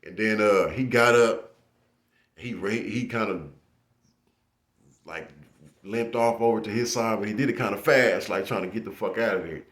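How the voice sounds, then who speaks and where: Young man, low-pitched, casual storyteller, echoey room. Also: normal speed, pauses often. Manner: animated, laughing, with acted-out shouts.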